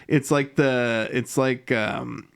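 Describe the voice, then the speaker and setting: A man with a smooth, resonant voice sits in the co-host chair and recaps an episode in loose, rambling chat. He swears freely and slips into quick little voices for the characters before dropping back to his own mid-pitched tone. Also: fairly even intonation. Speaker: podcast co-host.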